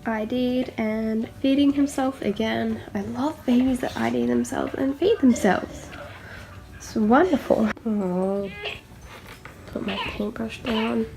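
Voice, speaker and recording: A woman's voice: fairly high pitch, gravelly. A woman vlogger giving casual running commentary at home, chatting to her baby dolls and laughing often. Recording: noisy home video recording.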